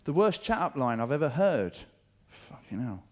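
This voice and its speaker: Lively swearing comedian on stage. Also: male voice, medium pitch, normal speed. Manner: chatty, swearing, acts out punchlines in raised voices. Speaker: stand-up comedian. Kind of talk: stand-up comedy set. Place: theatre stage before a live audience. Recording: old VHS tape with faint hiss.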